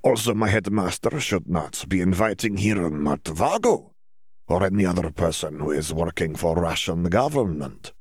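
A man's voice: low-pitched, expressive, moderate pace, breathy edge, no room sound, studio quality. A man reading an audiobook voices an earnest young male student wizard who talks in stiff, formal phrasing with hesitations. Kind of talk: audiobook character voice.

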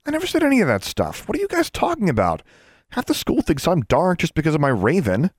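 A man voicing a stubborn, sharp-tongued young witch girl in an audiobook, high and defensive. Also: wildly swooping pitch, normal speed, no room sound, clean studio sound. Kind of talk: audiobook character voice.

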